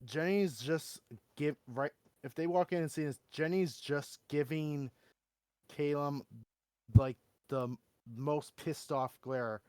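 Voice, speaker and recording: A man's voice: on the high side, slow, darkish tone, clear, resonant tone, no room sound. A man joining a tabletop role-play game as a player, talking animatedly about his character.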